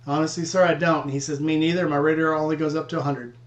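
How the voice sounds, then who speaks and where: Chatting casually with friends, a man tells laid-back, profane stories from the road. His voice is slightly high with fairly even intonation, he talks fast, and the recording is reverberant.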